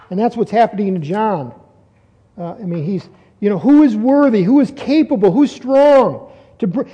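Guy preaching a bible study sermon, high mellow voice, reads the verse then breaks it down, big echoey hall. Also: highs cut off. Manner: teaching, reads scripture aloud then explains, rising to emphatic repetition. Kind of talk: expository sermon.

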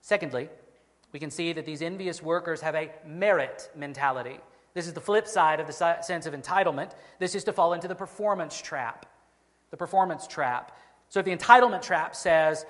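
A man's voice: a little high, a bit bright. Earnest male pastor preaching in a hall. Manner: earnest, slows down to stress key phrases. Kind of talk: sermon.

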